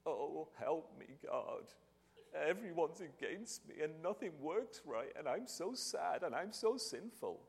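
A whiny, self-pitying man, as a preacher puts him on, moaning his troubles slowly in a thin, drawn-out voice. The lament swoops up and down. A long reverb trails each phrase. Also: on the high side, sing-song, gravelly, slightly rough, voice pushed up, full character voice.

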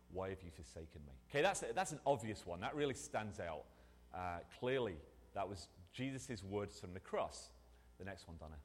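Animated man preaching in a reverberant hall. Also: lowish voice. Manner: animated, conversational, with restarts. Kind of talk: sermon.

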